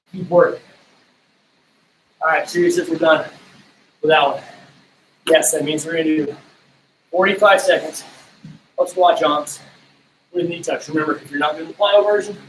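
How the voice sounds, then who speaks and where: A man's voice: fairly high pitch, reverberant, distant mic, a little hiss or hum, rough recording. A man coaching a live workout while exercising himself, out of breath and urging viewers on as he counts reps. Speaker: fitness coach.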